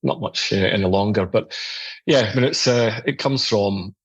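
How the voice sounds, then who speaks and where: A man's voice: lowish voice, moderate pace, slightly rough, no room sound. A middle-aged man with a mixed Glaswegian and Edinburgh Scottish accent, talking casually as an interview guest with many hesitations. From Glasgow, Scotland. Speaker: guest, company CEO.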